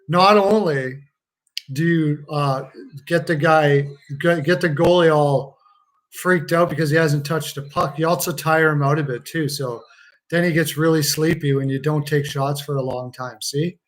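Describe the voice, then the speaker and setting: A man's voice: a little high, unhurried, fairly bright tone. A man hosting a casual hockey watch-along stream, joking, laughing often and swearing freely. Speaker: livestream host.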